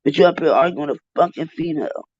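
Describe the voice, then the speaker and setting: Guy w/ ranting hard on a livestream, highish voice, dull dry audio. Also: quick pace, dry recording. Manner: profane, indignant, ranting. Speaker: commentary streamer. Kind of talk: heated live commentary.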